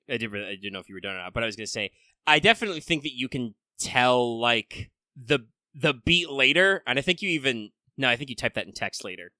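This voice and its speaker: Bright, dry-voiced man chatting casually. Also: medium pitch, no room sound. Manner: rambling, thinks aloud with many fillers and restarts. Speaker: podcast co-host. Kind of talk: casual podcast chat.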